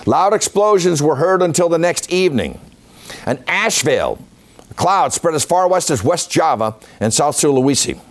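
A man's voice: a little high, sing-song, normal speed. A man giving an illustrated history talk as a folklorist, reciting dates and figures steadily with chatty asides to the audience. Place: senior center meeting room.

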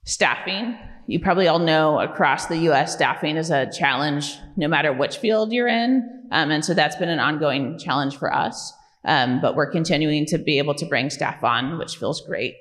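Low-pitched woman chatting through slides at a community meeting, says um a lot, echoey hall. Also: moderate pace, a bit bright. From California. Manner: conversational, many fillers like "um" and "right?". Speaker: program director presenting at a community meeting. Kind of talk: informal presentation to a public audience. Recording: long reverb of a meeting hall.

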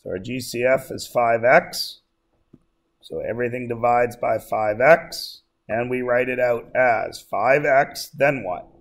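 A man's voice: mid-range voice, unhurried. A male math teacher lecturing a class, joking and often checking that everyone follows. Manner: jokey, keeps checking in with the class.

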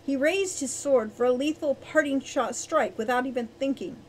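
Woman audiobook reader, bright higher voice, gives each character its own voice. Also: normal speed, a little hiss or hum, rough recording. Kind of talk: storybook narration.

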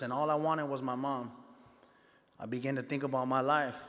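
A man's voice: on the high side, a bit bright, in a large hall. A man giving a personal testimony speech to an audience, telling his story in a conversational way with street slang and acting out the dialogue. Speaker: speaker sharing his life story at a gala.

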